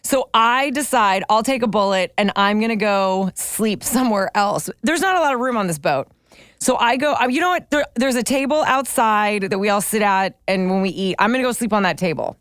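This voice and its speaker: A woman guest recounts a trip in a relaxed, casual way, dropping the odd swear word. Her pitch is ordinary for a woman. The recording is dry and close. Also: brisk, dry recording. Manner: laid-back, profane storyteller. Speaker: guest, host's best friend. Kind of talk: casual chat, telling travel stories.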